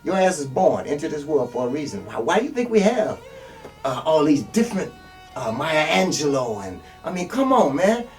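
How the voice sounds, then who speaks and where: Heard through a distant mic with faint music behind him, a self-styled minister delivers a blunt street sermon laced with profanity. He is an older man drawing on long experience, and his fairly high voice swings widely in pitch at a normal speed.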